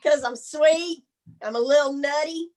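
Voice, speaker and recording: A woman's voice: sits high, a little slow, darkish tone, rough recording. A woman doing bawdy stand-up comedy in a brassy, folksy manner, drawing out her punchlines. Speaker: stand-up comic. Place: comedy stage.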